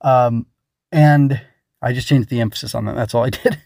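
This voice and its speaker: A man's voice: medium pitch, normal speed, a little mellow, no room sound. Rambling man thinking aloud, dry sound. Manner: rambling, many fillers and restarts. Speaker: writer. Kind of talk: casual solo talk.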